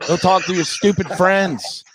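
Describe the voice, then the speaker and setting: A man's voice: high-pitched, fairly even intonation, unhurried, fairly bright tone, dry recording. A man who works as a comedian, talking sports casually in a brash, profane way and mocking his critics. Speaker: comedian and podcast guest.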